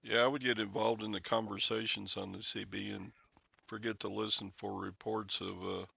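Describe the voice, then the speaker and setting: Male host, lowish gravelly voice, chatty and rambling, dull dry lo-fi sound. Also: flat delivery, moderate pace, bright, forceful tone. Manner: chatty, laughs often, rambling anecdotes. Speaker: show host. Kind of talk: casual live-stream chat.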